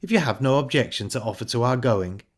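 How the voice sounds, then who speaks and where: A man voicing a calm, sharp-tongued young woman who speaks in a pointed, ironic way. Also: medium pitch, quick pace, natural voice. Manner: cool, pointed and cutting.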